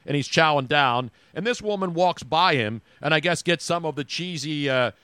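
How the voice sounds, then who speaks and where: A man co-hosting a sports podcast, talking in an animated, rambling, teasing way. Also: a little high, moderate pace, clear, resonant tone, dry recording. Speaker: podcast co-host. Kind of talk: casual sports chat.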